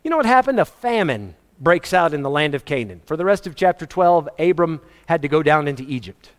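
A man's voice: a little high, big pitch swings, a little fast. Emphatic preacher man with hall reverb. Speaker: pastor. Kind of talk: sermon.

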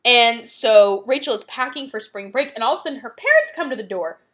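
A woman hosting a podcast, retelling a movie plot in casual, quick chat and acting out the characters' lines. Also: a little high. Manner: animated, quick retelling with acted-out quotes. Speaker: podcast host.

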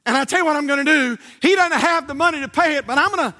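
Heartfelt, pleading church member, put on by a preacher, bright voice. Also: male voice, extremely high pitch, fast, in a large hall, voice pushed up. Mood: earnest. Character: earnest loyal male churchgoer.

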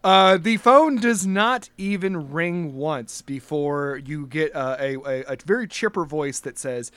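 A fairly high-pitched man runs a tabletop game session. He narrates in a casual, halting way, with lots of fillers and quick laughs. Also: fairly bright tone, smooth, no echo. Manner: halting, full of ums and laughs. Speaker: game master.

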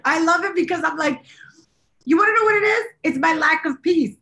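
A woman co-hosting a podcast in casual chat, animated and rambling, often laughing. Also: very high voice, fairly quick. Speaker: podcast co-host.

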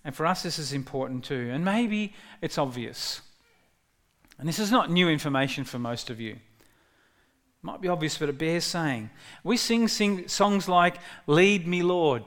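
A man preaching a sermon in a conversational way, with frequent restarts and bursts of excitement when quoting. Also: a little high, moderate pace. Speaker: pastor.

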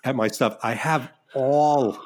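A middle-aged filmmaker, appearing as a guest in a casual interview, tells stories in an animated, self-deprecating way, restarting often. He speaks at medium pitch and a slow pace.

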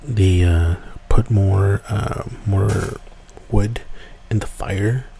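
A man casually telling a spooky woods story, rambling and dropping to hushed whispers at tense moments. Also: on the low side, extremely slow, creaky, a little hiss or hum. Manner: relaxed, rambling, drops to hushed whispers for tension. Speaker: podcast storyteller.

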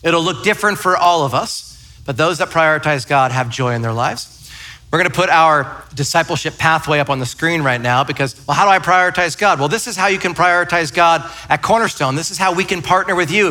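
A man's voice: on the high side, moderate pace, pushed and bright. A man in his thirties, a pastor, preaching a sermon in a church in a conversational, storytelling, self-deprecating way. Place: church sanctuary.

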